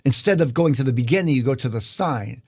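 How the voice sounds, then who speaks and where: A man leads a live online guitar lesson, walking viewers through the notation one step at a time. His delivery is unhurried and conversational, sprinkled with ums and restarts. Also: medium pitch, slightly rough. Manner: relaxed, explanatory, many fillers. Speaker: guitar teacher.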